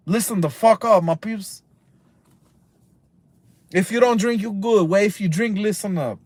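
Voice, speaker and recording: A man's voice: sits high, unhurried, long pauses, a little mellow, no echo. A man of about thirty, ranting casually on a live stream from inside a car, heated and profane, rambling and mixing in Spanish slang. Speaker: livestream host.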